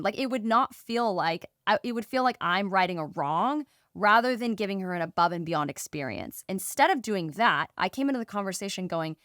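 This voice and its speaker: A woman's voice: medium pitch, fairly quick, hardly any pauses, no echo, clean studio sound. A woman co-hosting a podcast, giving casual advice and acting out conversations in quoted voices. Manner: animated, acts out quoted conversations. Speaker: podcast co-host.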